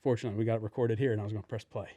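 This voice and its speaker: A man's voice: on the low side, fairly even intonation, racing, mellow, dry recording, dull audio. A man telling a story on a casual podcast, swearing freely and acting out the people he quotes. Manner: profane storytelling, acts out quotes. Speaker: podcast co-host and lawyer.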